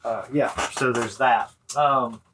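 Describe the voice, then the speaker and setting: A man's voice: mid-range voice, slow pace, background noise. A man co-hosting a podcast, recapping an old movie in casual, profane, joking chat. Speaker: podcast co-host.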